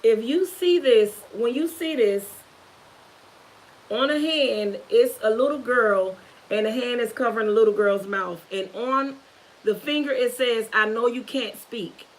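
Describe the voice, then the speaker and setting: A woman's voice: on the high side, low-quality recording. Nervous, earnest woman live-streaming. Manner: halting and earnest, with many restarts. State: nervous, holding back tears. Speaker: YouTuber. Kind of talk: emotional live-stream talk.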